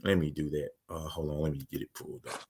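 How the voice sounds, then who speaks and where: Male podcast co-host, very low voice, earnest and measured news talk. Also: level tone, a little mellow, slight background noise. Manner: earnest, measured, recounting events in detail. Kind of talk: casual discussion of news.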